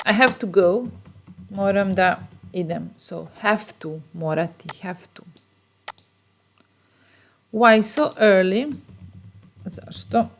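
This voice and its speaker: A woman with a Serbian accent teaching short English phrases, repeating each one slowly and explaining patiently. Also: mid-range voice, vocal fry, a little hiss or hum. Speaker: language teacher. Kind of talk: bilingual phrase lesson.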